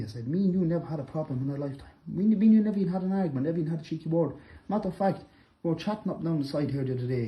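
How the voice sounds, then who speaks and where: A middle-aged man, angrily calling out a rival directly to camera, accusing and repetitive, breaking into loud bursts. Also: on the high side, lo-fi sound. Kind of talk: angry direct-to-camera callout.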